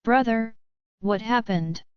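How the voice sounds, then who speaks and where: A concerned, protective brother talks with earnest urgency, voiced by a woman reading the story. The delivery is slow and very smooth. The sound is dry and slightly dull. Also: fairly high pitch, no room sound.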